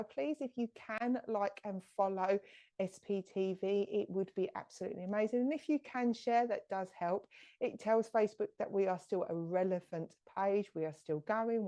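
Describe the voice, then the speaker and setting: A woman, a medium hosting a live stream, chatting brightly and greeting viewers by name. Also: medium pitch.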